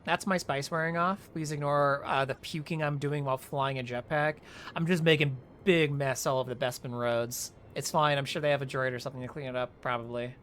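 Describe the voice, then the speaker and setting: Laid-back gamer talking through a quest, jokes around, mid-pitched voice. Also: fairly even intonation, a little fast, a bit bright, a little hiss or hum. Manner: chatty, jokey asides between instructions. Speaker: game walkthrough host. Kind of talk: casual gameplay commentary.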